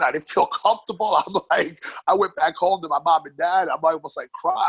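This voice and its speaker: A man in his forties from New York, casually telling his life story in an interview, animated and swearing freely. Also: a little high, brisk, few pauses, husky, no echo, poor audio. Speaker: podcast guest, grappling coach.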